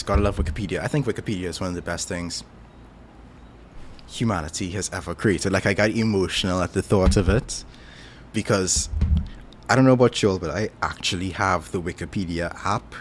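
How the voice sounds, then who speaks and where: Low-voiced Trinidadian man chatting casually. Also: moderate pace, a little hiss or hum. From Trinidad and Tobago. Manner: rambling, self-deprecating, chuckles often. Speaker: streamer. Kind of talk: casual chat stream.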